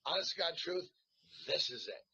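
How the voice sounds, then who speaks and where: A man telling a long, casual story as a guest actor, animated and peppered with swearing. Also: a little high, moderate pace, gravelly, husky. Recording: dull lo-fi sound.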